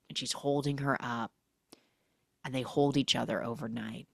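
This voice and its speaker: A woman's voice: extremely low pitch, fairly quick, no room sound, studio quality. A woman hosting a podcast, animatedly recapping a film, acting out the characters' lines and humming the score.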